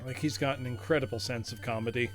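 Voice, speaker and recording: A man's voice: medium pitch, huge pitch swings, fast, soft background music. A man streaming a retro game live, chatting playfully with his viewers and laughing often. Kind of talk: live gaming commentary.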